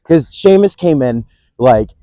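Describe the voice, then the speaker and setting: A man's voice: medium pitch, animated, measured pace, mellow, no room sound, rough recording. A man coaching combat who praises a fight with plenty of enthusiasm. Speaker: combat instructor. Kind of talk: teaching discussion.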